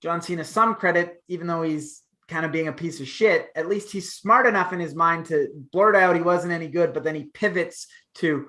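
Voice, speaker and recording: A man in his thirties with a bright, forward voice, co-hosting a casual talk show. He talks in long rambling stretches, hedging and restarting his sentences as he works through a point. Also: high voice, fairly quick. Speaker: podcast co-host.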